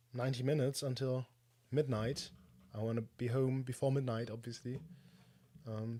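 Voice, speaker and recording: A man's voice: mid-range voice, darkish tone. A man casually chatting alone on a livestream, rambling with many fillers and restarts. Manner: rambling, self-deprecating, lots of fillers. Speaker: streamer. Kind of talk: casual solo stream chat.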